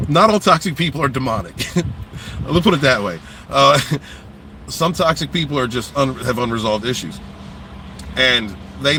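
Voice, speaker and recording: Blunt, profane man with a bright voice. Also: mid-range voice, slight background noise. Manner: blunt and profane, with frequent restarts; earnest, repeats phrases for emphasis. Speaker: channel host. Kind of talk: casual motivational monologue.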